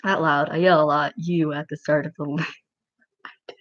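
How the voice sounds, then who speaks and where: A woman with a low voice chats on a livestream, rambling and breaking into giggles. She fills her talk with "like" and "um". The sound is muffled and lo-fi. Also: fairly even intonation, fairly quick, a bit bright. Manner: rambling and giggly, many filler words. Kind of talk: casual livestream chat reading comments.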